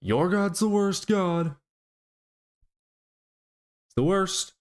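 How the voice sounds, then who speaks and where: A man doing a high, boastful impression of a blustering old male politician. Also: animated, very slow, full character voice. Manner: boastful, exaggerated.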